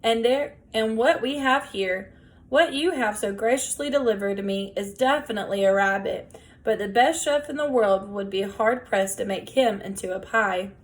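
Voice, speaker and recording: A woman's voice: medium pitch, moderate pace, close to an everyday voice. Woman reading as a courtly, bearded drifter. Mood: genial. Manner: courtly, gentle, wordy. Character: huge bearded kindly male drifter.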